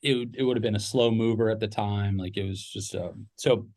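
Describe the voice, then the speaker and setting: Middle aged guy, lowish voice, rambling through his story with lots of ums. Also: steady tone, moderate pace, a little mellow. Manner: rambling with many fillers and restarts. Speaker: podcast guest, business owner. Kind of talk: casual storytelling.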